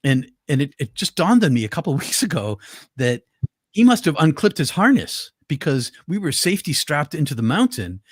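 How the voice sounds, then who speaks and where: A man's voice: a little high, big pitch swings, normal speed, slightly rough, no echo, clean studio sound. An older man, a guest, earnestly telling a personal story with vivid detail and frequent restarts. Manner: earnest, vivid, with many restarts and repeated words.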